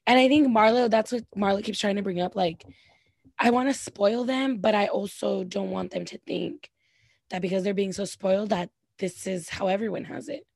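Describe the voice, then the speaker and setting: Blunt, husky-voiced woman. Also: medium pitch, normal speed, no echo. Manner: blunt, opinionated, swears casually. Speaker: podcast co-host. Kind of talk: casual chat.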